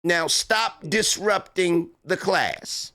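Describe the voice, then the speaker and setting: A man's voice: sits high, sharp tone, heavily acted. A man doing a stern frazzled schoolteacher. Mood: scolding. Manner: scolding, halting, repeating herself. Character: stern frazzled female schoolteacher scolding her class.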